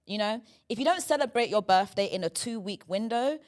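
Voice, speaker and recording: A woman hosts a comedy podcast in loose, joking chat. She is playful and talkative. Her voice sits at an everyday middle pitch. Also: animated, a little fast. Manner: playful, leans on "do you know what I mean". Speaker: podcast host.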